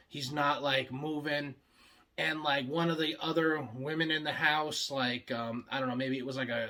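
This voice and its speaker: A young man pitching show ideas in a casual comedic monologue, rambling and swearing freely, full of filler words. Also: pushed and bright. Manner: acts out the other characters' lines in quick bursts.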